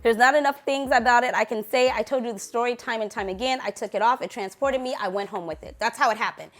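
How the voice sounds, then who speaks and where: Woman gushing perfume vlogger, bright and playful. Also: fairly high pitch, quick pace. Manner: gushing, playful, lingers on sensual words. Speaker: fragrance reviewer. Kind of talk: casual perfume review vlog.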